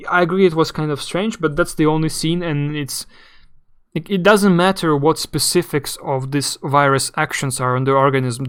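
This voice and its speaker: Brief: young male streamer, fairly high and smooth voice, rambling and halting. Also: fairly bright tone. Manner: rambling, halting, searching for words. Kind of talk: casual live game commentary.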